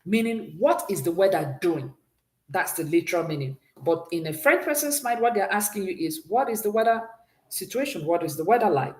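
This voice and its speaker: A woman's voice: fairly low pitch, very animated, brisk, roomy sound. A woman teaching a French exam-prep class, patiently drilling pronunciation and praising answers often. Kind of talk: exam-prep language lesson.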